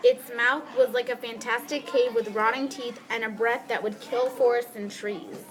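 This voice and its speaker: A woman's voice: on the high side, steady tone, moderate pace. A woman reading a story aloud as one of several narrators, plain and careful. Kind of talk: group read-aloud narration. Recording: clear background noise.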